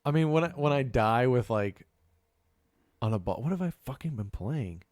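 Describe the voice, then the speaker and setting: Male podcast co-host, casual and profane, mid-pitched, dry close mic. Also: animated, normal speed, no echo. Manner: swears often, acts out shouting gamers. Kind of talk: casual chat.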